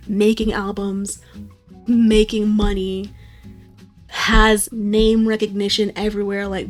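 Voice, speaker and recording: A woman in her twenties chatting casually to stream viewers, rambling, swearing freely and mocking herself with frequent laughs. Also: a little high. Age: 20s. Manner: rambling, profane and self-mocking, often laughing.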